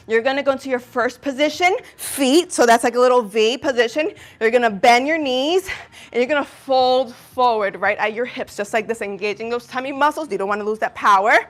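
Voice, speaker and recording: A woman leading a live ballet fitness class, out of breath, upbeat and encouraging as she counts reps and cheers. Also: on the high side. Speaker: fitness instructor. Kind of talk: live workout instruction.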